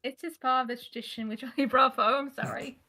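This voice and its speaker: A woman with a notably high-pitched voice chats casually as a guest. Her manner is playful and joking. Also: steady tone, fast talker, sharp tone. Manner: playful, jokey. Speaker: guest on call. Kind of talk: casual chat.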